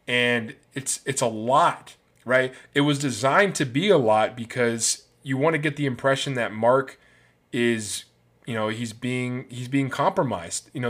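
A man's voice: mid-range voice, fairly bright tone. A man giving casual, enthusiastic movie commentary as a film reviewer, rambling from one scene to the next.

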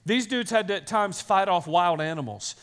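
A man's voice: sits high, lively intonation, moderate pace, fairly bright tone, clean tone. A man, a pastor, giving a sermon in a chatty storytelling way, often checking in with the listeners. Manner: conversational storytelling with frequent "right?" asides; addresses children in the congregation.

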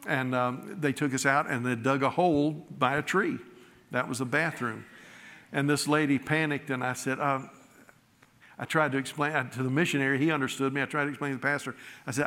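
A pastor telling a folksy, self-deprecating story in a sermon, acting out the dialogue of the people in it. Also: male voice, mid-range voice, fairly even intonation, normal speed, a bit bright, in a large hall.

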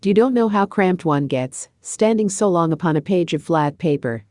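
A cross and sulky clown man from a picture book grumbles about his drawing, as a woman reads him. The voice is low and dry. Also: expressive, normal speed, darkish tone, no room sound, close to an everyday voice.

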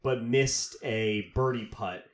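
A Texan-raised podcast host chats loosely, stringing his stories together with lots of "like" and "um". His voice sits at a middle pitch. It comes through with a roomy echo. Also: slow. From Texas. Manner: rambling storyteller, filler-heavy. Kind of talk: casual chat.

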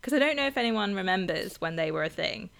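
Chatty bright-voiced woman podcaster. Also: medium pitch, lively intonation, quick pace, creaky. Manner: chatty, lots of fillers and giggles. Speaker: podcast co-host. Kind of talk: casual chat.

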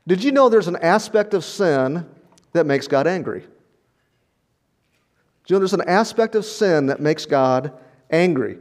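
A man's voice: a little high, animated, unhurried, pauses often. An older man preaching a sermon in a conversational, storytelling way, often repeating words and chuckling. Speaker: pastor.

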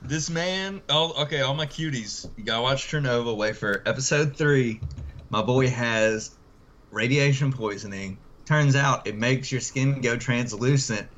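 A man's voice: medium pitch, measured pace, fairly bright tone. A young adult man chatting casually as a podcast guest, playful and joking. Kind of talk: casual chat. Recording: slightly dull with faint noise.

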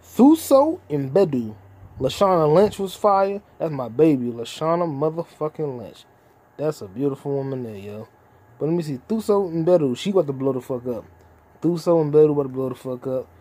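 A man's voice: fairly high pitch, animated, normal speed, mellow. A man in his twenties hosting a solo podcast, rambling and free-associating with constant profanity. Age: 20s. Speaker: podcast host. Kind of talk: casual solo podcast chat.

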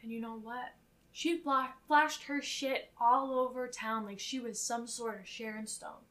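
A young woman co-hosting a podcast, casually recapping a film in an animated, profane way. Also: on the high side, measured pace. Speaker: podcast co-host.

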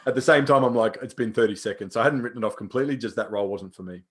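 A man's voice: fairly low pitch, rapid-fire, fairly bright tone, slightly rough. A young man, a personal trainer, telling stories in casual chat, swearing freely and acting out the lines of people he quotes.

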